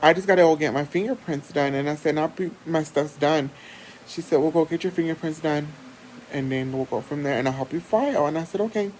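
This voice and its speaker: A woman vlogger, telling a personal story in a chatty, animated way and swearing freely. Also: low-pitched, fairly quick, slight background noise, rough recording. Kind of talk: casual storytelling.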